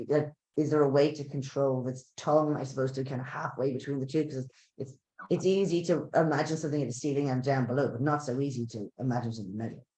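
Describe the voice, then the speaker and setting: A man's voice: mid-range voice, mellow. Guy hosting a webinar, stops and restarts a lot, echoey room on a call. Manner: halting, self-correcting, repeats words. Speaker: webinar host. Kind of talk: casual chat. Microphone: video call. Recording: roomy echo on a call.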